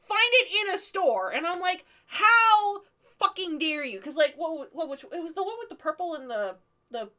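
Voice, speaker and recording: A woman's voice: extremely high pitch, sing-song, moderate pace, bright, forceful tone. A woman co-hosting a stream in casual chat, emphatic and swearing freely in mock outrage. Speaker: stream co-host.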